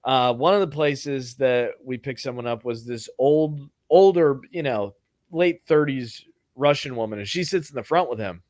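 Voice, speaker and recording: A man's voice: mid-range voice, moderate pace, darkish tone, dry recording, clean studio sound. A man hosting a podcast who tells a comedy story in a rambling, profane, offhand way. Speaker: podcast host.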